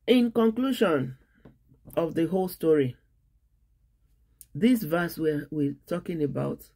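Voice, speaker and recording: A woman pastor delivers a sermon in an earnest preaching cadence, breaking her thoughts into short phrases with pauses between them. Her voice carries a gravelly, creaky edge. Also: sits low, expressive, mellow. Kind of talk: sermon on marriage.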